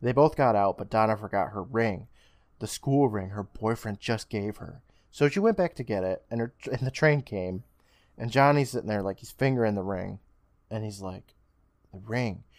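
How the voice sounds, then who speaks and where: A man on a podcast walks through an episode scene by scene, dropping into quick voices for the characters and swearing casually. His voice sits a bit low, and the sound is close and dry with no room behind it. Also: expressive, a little mellow, dry recording. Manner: storytelling retell with swearing, acts out lines. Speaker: podcast co-host recapping an episode. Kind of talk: casual recap chat.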